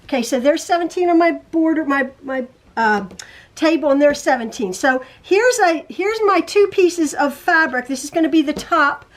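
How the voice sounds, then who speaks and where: Middle-aged woman, high voice, home quilting teacher who rambles, stammers and repeats herself. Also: expressive, normal speed. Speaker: quilting teacher and channel host. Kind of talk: rambling casual chat and sewing tutorial. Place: home sewing room.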